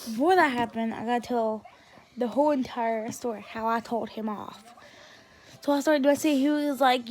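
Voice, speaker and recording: A woman's voice: on the high side, fairly even intonation, moderate pace, darkish tone. A woman casually telling a story, acting out her sassy comebacks in quoted dialogue.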